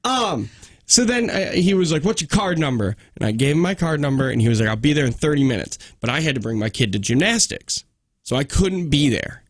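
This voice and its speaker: A man's voice: fairly high pitch, big pitch swings, brisk, dry recording. A male radio morning show host casually telling a story on air, acting out both sides of his phone calls. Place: radio studio. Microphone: studio microphone.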